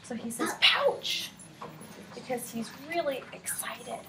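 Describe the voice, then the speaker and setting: A woman teacher reads a picture book aloud to young children, her voice pitched a little high and animated as she stops to quiz the class. The classroom recording carries a steady wash of background noise. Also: normal speed. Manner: animated read-aloud voice, asking children questions.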